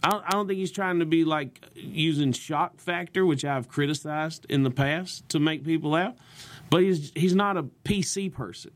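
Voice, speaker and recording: A man's voice: fairly high pitch, moderate pace. A young man with a Southern US accent, a comedian chatting casually on a podcast with lots of vocal inflection. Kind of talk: casual chat.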